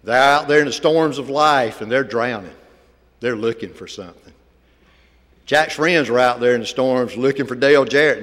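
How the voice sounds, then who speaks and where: A man's voice: medium pitch, fairly bright tone. A man speaking to a church congregation as a visiting ministry speaker, telling a folksy story and then making an earnest appeal. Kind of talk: sermon with storytelling. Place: church sanctuary. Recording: reverberant church hall.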